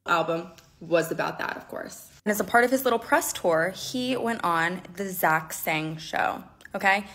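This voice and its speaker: A woman's voice: lowish voice, lively intonation, normal speed, fairly bright tone. A woman recounting a personal story in a conversational way, often checking in with "okay?".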